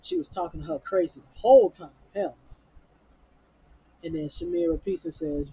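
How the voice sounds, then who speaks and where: Heated recap vlogger: a husky, raised-pitch woman, profane and blunt, on tinny phone-like audio. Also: expressive, a little fast. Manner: acts out quotes from the show. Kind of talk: casual episode review.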